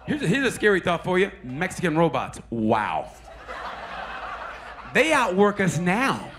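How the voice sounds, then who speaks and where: A man doing a stand-up comedy set in a club, talking profanely and teasing the crowd, with quick put-on voices for the people he quotes. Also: high-pitched, wildly swooping pitch, noisy background. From Oklahoma, USA.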